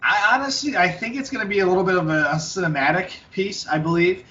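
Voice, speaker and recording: A man co-hosting a wrestling podcast, his voice fairly high and bright. He rambles casually, restarting his sentences and leaning on fillers. The recording is dull and lo-fi, and he sits a little away from the mic. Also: fast talker. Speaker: podcast co-host. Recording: lo-fi, distant from the mic.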